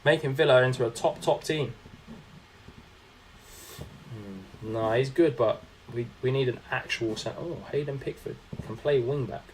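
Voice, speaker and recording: A young man with a mid-range voice takes his time, leaving long pauses, over a little hiss or hum. He's livestreaming and casually commentating his own game, chatty as he reacts to it and reads viewers' messages aloud to reply.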